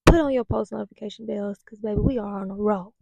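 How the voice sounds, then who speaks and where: A woman's voice: medium pitch, fast, creaky, dark tone, no room sound, highs cut off. A young adult woman vlogging as a holistic nutritionist, emphatic and preachy, repeating herself and sometimes dropping into a whisper. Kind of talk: casual vlog monologue.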